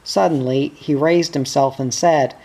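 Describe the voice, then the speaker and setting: An audiobook reader voices a troubled country wife pouring out her worries about her husband, speaking slowly and deliberately. The delivery is plain and everyday, mid-pitched and warm with fairly even intonation, without a strongly put-on voice.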